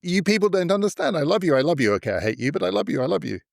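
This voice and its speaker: A man briefly voicing a needy politician who pleads and repeats himself, raising his voice higher than usual. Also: very animated, racing, gravelly, no room sound, studio quality, full character voice. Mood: mock-pleading. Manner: repetitive, pleading. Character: gushing, needy male politician, mocking take.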